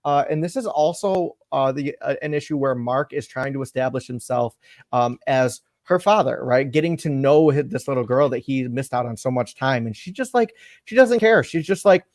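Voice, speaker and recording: A man hosting a podcast, recapping a comic issue in a rambling, animated way with lots of fillers. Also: mid-range voice, moderate pace, no room sound, clean studio sound. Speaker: podcast host.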